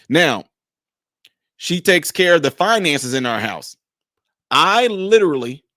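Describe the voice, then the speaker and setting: A man hosting his own vlog from his home man cave, telling stories to viewers in an animated, chatty way. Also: on the high side, no echo, clean studio sound. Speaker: vlogger, channel host. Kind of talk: casual vlog talk to viewers.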